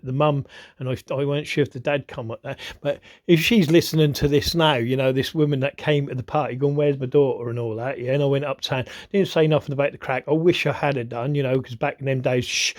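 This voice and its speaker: A man, hosting his own video in a rambling, profane monologue that keeps asking "you know what I mean". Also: mid-range voice. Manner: grows agitated and heated. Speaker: video host.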